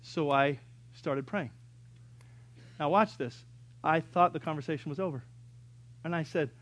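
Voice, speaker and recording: A male pastor telling a story in a sermon, acting out the dialogue and sometimes bursting into loud, exasperated rants. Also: on the high side, brisk.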